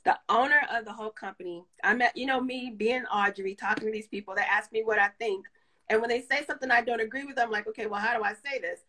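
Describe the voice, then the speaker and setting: A woman with a bright, forceful voice speaks as an interview guest, candid and storytelling. She laughs easily between points, her voice sitting a little high. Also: fast talker, poor audio. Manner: candid, laughs often, tells stories. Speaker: guest photographer. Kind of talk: casual interview chat.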